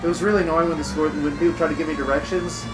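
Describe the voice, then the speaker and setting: A man's voice: on the high side, steady tone, rapid-fire, noisy background. A man streaming a video game with a friend, joking and going on mock rants. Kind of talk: casual gaming commentary.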